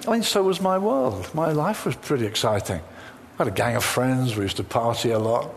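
A man's voice: medium pitch, lively intonation, moderate pace, gravelly, a little hiss or hum. A man preaching a sermon, telling a personal story full of quoted dialogue. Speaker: pastor.

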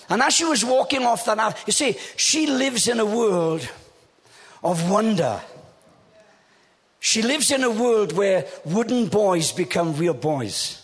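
A man in his seventies preaching a humorous, animated storytelling sermon on stage. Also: high-pitched, big-room sound. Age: 70s.

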